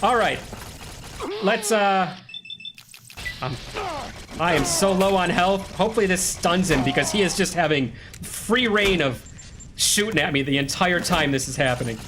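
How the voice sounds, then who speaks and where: A young man from the States chats loosely with his live-stream audience while playing, his voice sitting somewhat high. He rambles from one story to the next and laughs at himself along the way. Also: lively intonation, unhurried, pauses often, noisy background. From United States. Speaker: game streamer. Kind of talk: casual live-stream chat while gaming. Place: home streaming room with a green screen.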